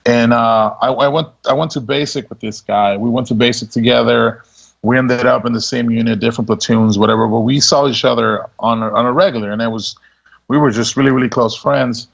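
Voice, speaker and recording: A man's voice: mid-range voice, fairly even intonation, fairly quick, creaky. A man, a guest on a podcast, telling stories in a laid-back, casual way and laughing as he goes. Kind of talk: casual storytelling. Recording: dull lo-fi audio.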